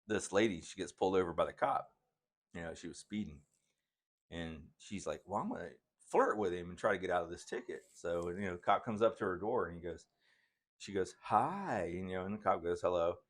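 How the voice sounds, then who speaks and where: Deep-voiced older man, dry jokes. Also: brisk. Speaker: joke-telling co-host. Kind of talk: casual joke telling.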